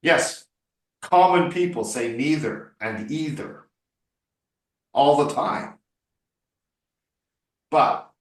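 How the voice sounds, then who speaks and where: A man's voice: medium pitch, a bit bright. Emphatic male coach in a roomy echo. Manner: emphatic, corrective, playful. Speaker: English speaking coach. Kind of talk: one-on-one tutoring session. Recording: roomy echo, distant mic.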